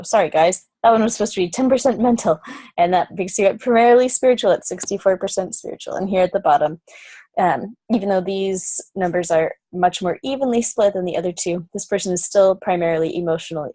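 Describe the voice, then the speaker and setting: A woman teaching an energy-healing class, earnest and reassuring, guiding listeners through slow breathing steps. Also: medium pitch, mellow, no room sound. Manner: earnest, reassuring, with frequent "um"s and guided breathing prompts. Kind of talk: recorded class lecture.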